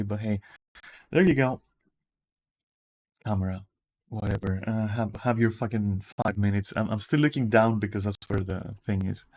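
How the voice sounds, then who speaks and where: A man streaming from home with a raspy, just-woken-up voice, rambling casually and swearing now and then. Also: lowish voice, darkish tone. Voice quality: raspy morning voice. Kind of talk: casual livestream chat. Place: at home in front of a camera.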